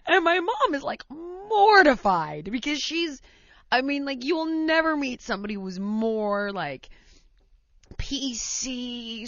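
A woman's voice: fairly high pitch, fairly bright tone, no room sound, lo-fi sound. A woman hosting a talk show, telling a story in a casual, rambling way full of "like" and "you know", laughing as she goes.

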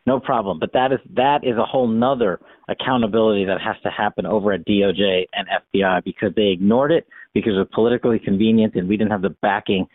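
A man's voice: lowish voice, steady tone, quick pace, hardly any pauses, dry recording. A man giving emphatic, argumentative political commentary as an interview guest. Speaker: guest, former congressional investigator. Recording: tinny phone-line sound, dry.

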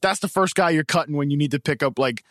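A man co-hosting a fantasy football podcast in casual banter, animated and prone to slipping into goofy voices. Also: fairly high pitch, fast, no echo, clean studio sound.

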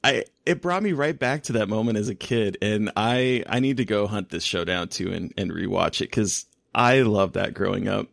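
A man co-hosting a podcast, telling a story with lots of laughter and animated asides in casual chat. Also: lowish voice, moderate pace, creaky, few pauses, dry recording, studio quality. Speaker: podcast co-host.

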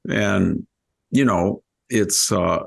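A man's voice: low voice, drawn-out words, vocal fry. A man hosting a podcast, telling rambling anecdotes in casual conversation and often breaking off mid-word. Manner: rambling anecdotes, self-interrupting. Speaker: podcast host.

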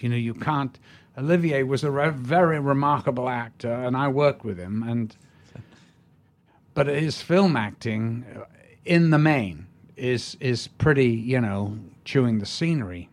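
Older actor guest, relaxed anecdotal delivery, mid-pitched voice. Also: male voice. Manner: leisurely anecdotes with restarts and laughter. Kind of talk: storytelling in a podcast interview.

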